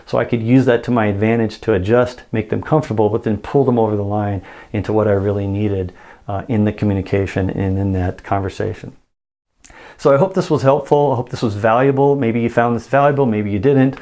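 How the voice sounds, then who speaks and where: A man's voice: on the low side, fairly even intonation, a little fast, darkish tone. A man teaching sales communication in a casual monologue, acting out example dialogues with frequent restarts.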